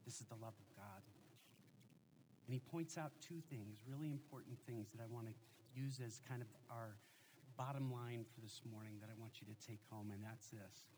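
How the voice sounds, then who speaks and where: A man in his forties preaching a sermon as a pastor, telling family stories in an animated, joking way. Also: mid-range voice, a little fast, background noise.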